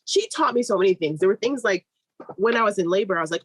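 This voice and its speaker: A woman in a conversational podcast, telling a personal story with animated energy and swinging her voice high and low as she acts out other people. Her voice sits at an ordinary middle pitch, and it comes across close and dry. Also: breathy edge, dry recording, poor audio. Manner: fast, run-on telling with restarts. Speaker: guest, midwife.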